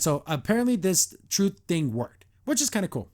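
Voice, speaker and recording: A man's voice: high-pitched, big pitch swings, moderate pace, darkish tone. A man hosting a podcast, reviewing a cartoon episode in a sarcastic, exasperated way and acting out the characters' lines.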